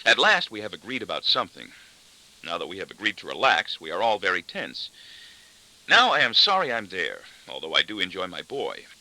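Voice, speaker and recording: A man's voice: deep voice, very animated, a little fast, sharp tone, poor audio. A man reading an audiobook in the first person, with a dry, wry delivery. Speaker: audiobook narrator. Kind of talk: scripted narration.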